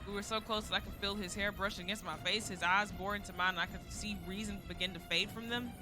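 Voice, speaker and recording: A woman's voice: medium pitch, steady tone, fast talker, music in the background. A woman streamer reading a visual novel aloud, moving from dramatic narration to flustered, exasperated asides.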